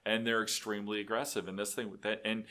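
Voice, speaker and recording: Bright-voiced man telling stories. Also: on the low side, fast. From Texas. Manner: animated, many restarts. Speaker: guest, business owner. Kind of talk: casual storytelling.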